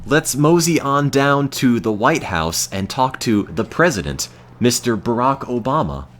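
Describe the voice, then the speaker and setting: An American man putting on an exaggerated, slow cowboy drawl. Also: mid-range voice, big pitch swings, voice pushed up. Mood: hammy.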